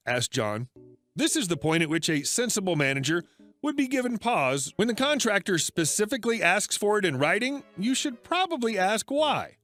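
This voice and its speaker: Male storyteller, high-pitched, scripted narration over faint music. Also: sing-song, normal speed, a bit bright.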